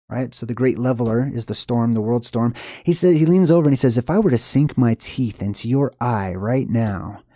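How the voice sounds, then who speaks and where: A man's voice: mid-range voice, dark tone, no echo, studio quality. A man talking through a film scene by scene in a loose, rambling monologue, often repeating himself and acting out lines of dialogue. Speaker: movie commentator. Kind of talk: casual film analysis monologue.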